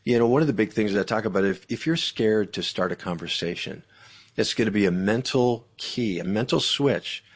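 A fairly low-voiced man talking as a guest author in a faith-based interview. His delivery is animated and emphatic, with a preacherly push behind his points. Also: a little fast, husky.

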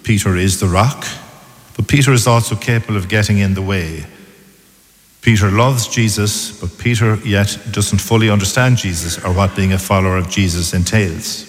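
A man preaching a measured, deliberate sermon as a priest. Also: on the low side. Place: church. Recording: long church reverb.

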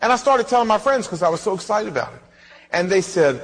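Husky-voiced male preacher in a reverberant hall. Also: high-pitched, animated, fast. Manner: emphatic preaching with rhetorical questions and acted-out anecdotes. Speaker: pastor. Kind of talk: sermon.

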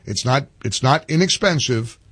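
An older man hosting a talk radio show, arguing with passion and swinging up into loud, indignant peaks before settling back into a folksy tone. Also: medium pitch, lively intonation, moderate pace, slightly rough, dry recording. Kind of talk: opinionated talk radio monologue. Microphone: studio microphone.

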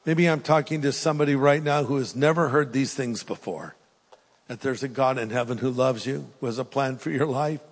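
An older man preaching a sermon with an altar call, earnest and pleading, swinging between raised emphasis and hushed, soft appeals. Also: medium pitch, long reverb tail. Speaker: pastor. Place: church hall with live audience.

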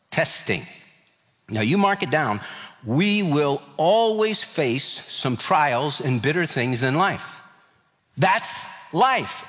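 Male pastor, slightly high voice, expressive sermon delivery, long hall reverb. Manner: animated, acts out scripture voices with rising pitch.

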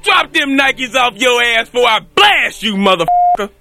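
A man's voice: very high-pitched, big pitch swings, moderate pace, creaky, pushed and bright, soft background music, pitched above the performer's own voice, exaggerated voice. A man putting on a swaggering street tough.

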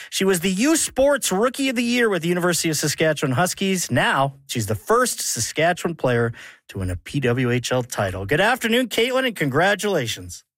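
A man's voice: fairly high pitch, fairly bright tone, dry recording, studio quality. A male radio host leading a friendly, conversational interview, sometimes stumbling over his words.

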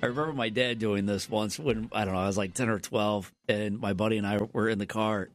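A middle-aged man co-hosting a casual chat, telling relaxed stories and laughing at his own anecdotes. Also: lowish voice, fairly quick, faint music behind. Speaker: co-host.

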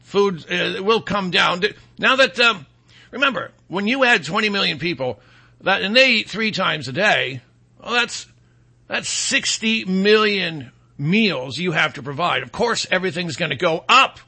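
A sarcastic middle-aged man running a political commentary monologue, with a high-pitched voice. His tone is very bright and sharp, with a gravelly crackle. He rambles with fillers and mocking asides. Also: animated, unhurried.

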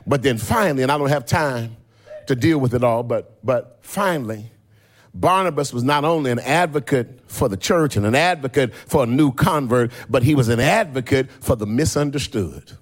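A man preaching a sermon who swings from plain speech into a sung, shouted preaching cadence. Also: medium pitch, expressive, normal speed. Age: older.

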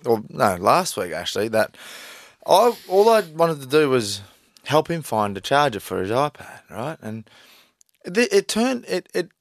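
A man co-hosting a casual radio chat, telling stories in a rambling, animated way. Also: mid-range voice, unhurried, vocal fry, no room sound, studio quality. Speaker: radio co-host.

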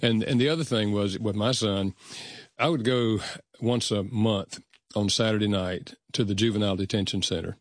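An older man with a low voice shares stories from his own life, speaking earnestly and at a measured pace. He often slips into remembered dialogue. The recording is dry and close, with no room sound. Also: dry recording. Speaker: guest author. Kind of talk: reflective storytelling in conversation.

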